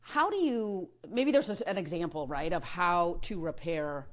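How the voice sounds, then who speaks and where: A woman hosting a podcast interview, supportive and halting, restarting her questions often. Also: on the low side, lively intonation. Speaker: podcast host.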